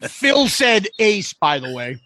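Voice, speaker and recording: High, lively podcast host. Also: male voice, takes it slowly, no echo. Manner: loose and jokey, swears freely. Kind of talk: casual chat.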